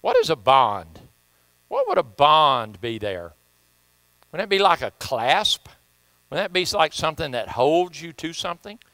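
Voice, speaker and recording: Bright-voiced Midwestern pastor preaching. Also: male voice, on the high side, wildly swooping pitch, a little slow, no echo. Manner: folksy storytelling with emphatic scripture reading. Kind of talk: sermon. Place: church sanctuary.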